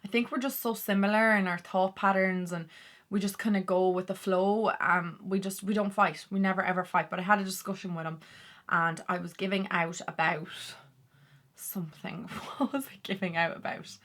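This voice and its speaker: A woman's voice: mid-range voice, steady tone, normal speed, a bit bright. A woman chatting candidly to camera as a vlogger, full of "like" fillers. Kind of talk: casual talk to camera.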